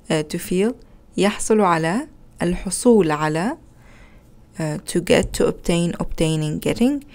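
A woman teaching an Arabic grammar lesson. She explains in English, reads Arabic example words aloud and often corrects herself with a quick "sorry.". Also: on the low side, a little mellow. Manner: self-correcting, with frequent "uh, sorry" slips.

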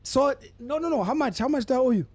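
A man's voice: very high voice, lively intonation, fast, darkish tone, husky. A man doing in-character game roleplay, talking in an indignant, theatrical way. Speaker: roleplay gamer playing his character.

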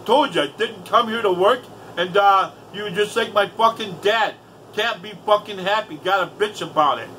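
A man's voice: high voice, normal speed, pushed and bright, a little hiss or hum, poor audio. A man putting on the voice of a surly, lazy male drinking buddy who grumbles in a sullen, slurring, profane way.

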